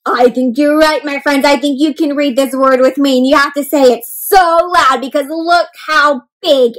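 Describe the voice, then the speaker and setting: Casting: woman storyteller with a high voice, animated read-aloud for kids, full of gasps and questions to the children. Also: moderate pace, hardly any pauses, poor audio. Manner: expressive, often gasps, asks kids questions.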